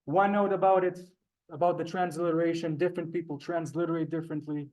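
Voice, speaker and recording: A man's voice: fairly high pitch, fairly even intonation, quick pace, a little mellow. Polite young-sounding male Hebrew teacher. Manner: polite, says "sir" often, chatty. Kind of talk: live beginner language class. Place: synagogue classroom, also streamed on Zoom.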